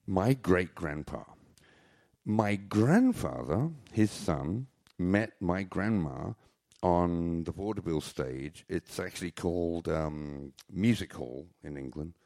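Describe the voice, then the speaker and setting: Brief: older male stage storyteller, very deep and gravelly, dark tone, rambling and jokey, swings his pitch a lot. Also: animated, takes it slowly. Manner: rambling, jokey, self-mocking. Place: live stage venue.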